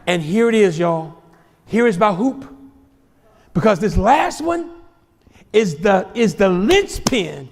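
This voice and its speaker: A male pastor preaching a sermon to his congregation, repeating phrases, shouting out points and joking with the crowd. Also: sits high, sing-song, slow, pauses often, in a large hall. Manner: preaching with shouts, repetitions and humor. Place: church sanctuary.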